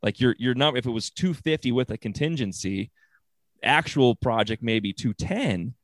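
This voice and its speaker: A man's voice: medium pitch, lively intonation, normal speed, no echo. A man from the construction trade in a casual conversation, explaining things plainly and matter-of-factly and agreeing often. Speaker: construction professional co-host.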